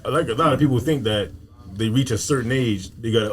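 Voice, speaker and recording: A man's voice: mid-range voice, fast. A man from Newark, a comedian guest, talking bluntly in streetwise slang on a casual podcast, acting out what people say. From Newark, New Jersey.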